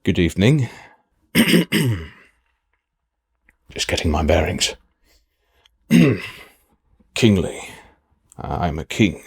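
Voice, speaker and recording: A man voice actor joking around between takes, deadpan and muttering to himself as he gets into character. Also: low-pitched, drawn-out words, vocal fry, long pauses, breathy edge. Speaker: voice actor in a fan audio drama. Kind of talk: joking outtakes while getting into character.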